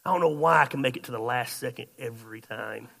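Gravelly, bright-voiced pastor. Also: male voice, mid-range voice, fast talker. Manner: animated storytelling with sudden loud outbursts and quiet asides. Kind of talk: sermon storytelling.

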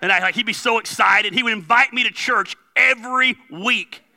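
A man's voice: extremely high pitch, normal speed, gravelly, bright, forceful tone. A male pastor preaching in a loose, conversational way, telling stories and acting out the dialogue. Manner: conversational storytelling with laughs and quoted dialogue. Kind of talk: sermon.

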